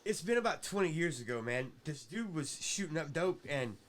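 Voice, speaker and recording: A man's voice: on the high side, sing-song, normal speed, slight background noise. Swearing, rambling man telling a story. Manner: rambling, profane, keeps asking "right?". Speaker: podcast guest. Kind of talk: casual storytelling.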